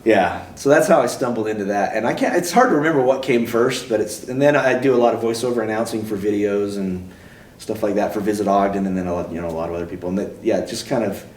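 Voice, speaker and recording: Relaxed man with a low voice. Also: quick pace, a little hiss or hum. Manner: relaxed, rambling, self-deprecating. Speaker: race announcer, interviewee. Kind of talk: casual interview chat. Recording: roomy, mic at a distance.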